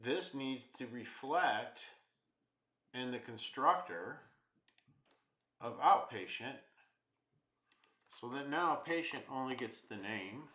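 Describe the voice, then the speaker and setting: Slow-talking man thinking aloud while coding. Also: mid-range voice, pushed and bright, roomy sound. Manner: thinks aloud, mutters and jokes at his errors. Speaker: programming instructor. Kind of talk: live coding walkthrough.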